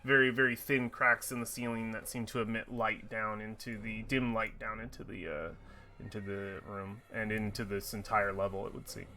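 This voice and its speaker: A man narrating as game master, describing scenes in a measured, searching way. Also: fairly low pitch, fairly even intonation, pushed and bright, slight background noise.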